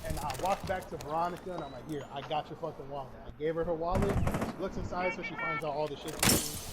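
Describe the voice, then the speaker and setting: A man's voice: on the high side, steady tone, fast, heavy background noise. A young man casually telling a profane story while gaming, acting out each quote. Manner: profane, acts out every quote. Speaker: streamer. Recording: loud game gunfire behind.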